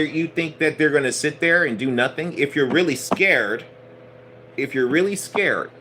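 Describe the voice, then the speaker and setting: A man's voice: a little high, a bit bright, a little hiss or hum. Blunt, profane male preacher. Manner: conversational, repeats phrases. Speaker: spiritual teacher. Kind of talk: casual sermon.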